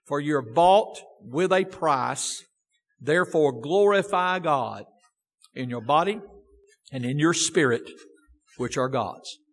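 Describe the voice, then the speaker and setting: Preacher, high voice, church reverb. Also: male voice, expressive, slow pace, pauses often. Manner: emphatic, reads scripture with feeling, rhetorical questions. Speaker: pastor. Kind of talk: sermon with scripture reading. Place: church sanctuary. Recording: long church-hall reverb.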